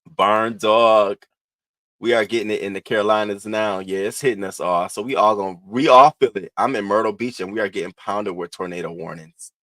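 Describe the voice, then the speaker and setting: A man hosting a casual livestream, greeting viewers one by one in an animated, playful way. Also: a little fast, no room sound. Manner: animated, playful, swoops up high when greeting people. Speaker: livestream host.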